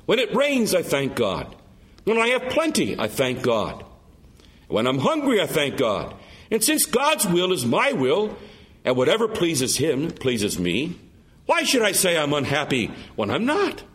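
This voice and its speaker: Calm, contented beggar man read by a preacher; quiet, serene delivery. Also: fairly high pitch, measured pace, heavily acted.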